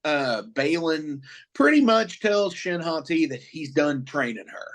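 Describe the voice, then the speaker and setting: A man's voice: fairly high pitch, expressive, unhurried, fairly bright tone. A man with a slightly raised voice talks loosely on a podcast, dropping curses as he walks through what happened in an episode. His delivery is casual and full of "you know" and restarts. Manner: loose and profane, recapping plot with many fillers. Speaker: podcast co-host. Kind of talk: casual chat.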